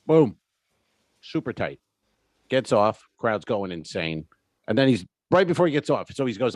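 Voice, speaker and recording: A man's voice: mid-range voice, normal speed, no room sound, clean studio sound. A man co-hosting a comedy podcast, casually telling a story and acting out the quotes. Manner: animated storyteller, acts out quotes. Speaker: podcast co-host.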